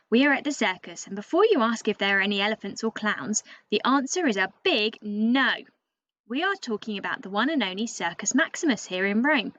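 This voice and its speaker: A woman's voice: a little high, fairly bright tone, no room sound. A woman reading aloud as a cheeky, boastful male raven who bosses the listener around, in a storybook voice. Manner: cheeky, bossy, talks straight to the listener. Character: cocky chatty male raven, boastful know-it-all. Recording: dull lo-fi dry recording.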